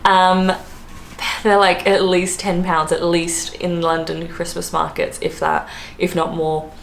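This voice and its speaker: A hungover Australian woman chatting casually to camera as a travel vlogger, full of fillers and quick laughs. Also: lowish voice, level tone, creaky. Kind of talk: casual vlog chat. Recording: roomy echo, faint background noise.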